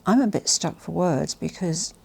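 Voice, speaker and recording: A woman vlogger presenting a haul in a casual, gushing and emotional way, often dropping to soft whispers. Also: on the low side, lively intonation, moderate pace, gravelly, slightly rough. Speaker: fashion vlogger.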